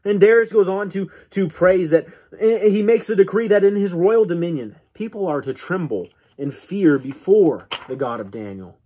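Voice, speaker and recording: A man teaching a church Bible class in an earnest way, often restarting words and letting his voice drop low at the ends of lines. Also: animated, normal speed, hardly any pauses, dark tone, slightly rough. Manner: earnest, repeats words when restarting, dramatic drops in pitch.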